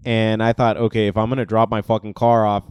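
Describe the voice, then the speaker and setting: Casual podcast co-host, man, clear resonant voice, animated storyteller. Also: fairly low pitch, quick pace, no echo. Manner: animated, swearing, acts out quoted voices.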